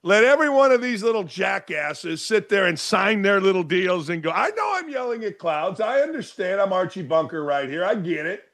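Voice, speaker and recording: An older man tears into a sports topic in a loud, sarcastic rant. He mocks people with quick impressions as he goes, and his voice sits higher than most men's. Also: big pitch swings. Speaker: sports radio host. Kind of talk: ranting sports commentary.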